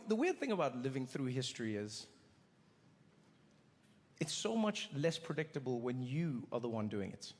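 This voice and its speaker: A man's voice: a little high, darkish tone, big-room sound. A male stand-up comedian talking conversationally and acting out scenes on stage before a live audience.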